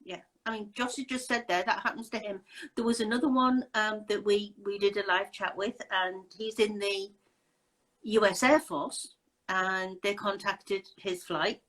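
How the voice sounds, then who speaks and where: A woman's voice: medium pitch, steady tone, unhurried, a bit bright, rough recording. A woman hosting a casual video chat, talking in a chatty, emphatic, exasperated way. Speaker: host.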